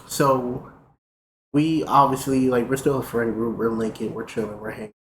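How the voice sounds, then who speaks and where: A young man streaming, casually telling a profane, animated story. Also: mid-range voice, moderate pace. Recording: roomy with faint noise.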